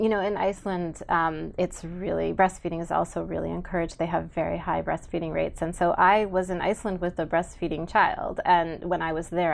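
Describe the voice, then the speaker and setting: A middle-aged woman speaking as a podcast guest in a low voice with a gravelly fry. She talks earnestly and emphatically, with frequent ums. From United States. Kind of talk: podcast interview.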